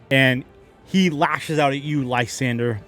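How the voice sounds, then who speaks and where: A man's voice: medium pitch, takes it slowly, a bit bright, soft background music. A man narrating a tabletop game as game master, playful and dramatic with some self-mocking asides.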